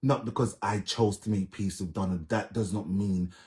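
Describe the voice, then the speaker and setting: A Jamaican man with a fairly low voice speaks straight to his live-stream audience. He sounds earnest and pleading and circles back over the same words again and again. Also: fairly even intonation, normal speed, darkish tone. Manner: earnest, pleading, heavy repetition. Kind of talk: casual live-stream monologue.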